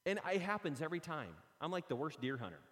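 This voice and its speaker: Man preaching, lively swinging pitch, fairly high voice, long echo of a big hall. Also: quick pace. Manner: animated storytelling, acts out his own stories. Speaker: pastor. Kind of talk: sermon.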